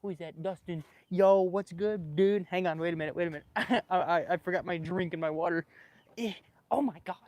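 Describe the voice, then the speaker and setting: A man livestreaming casually from his backyard with a small clip-on microphone, excitable and joking with his viewers. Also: fairly high pitch. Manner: excitable, laughing, swearing, chatting with viewers. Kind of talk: casual live stream chat. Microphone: small clip-on microphone with a phone.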